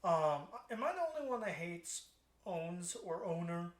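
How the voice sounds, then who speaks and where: Deadpan male podcaster in an echoey room. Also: high voice, measured pace. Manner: deadpan, dark joking. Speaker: podcast co-host. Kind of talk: casual chat.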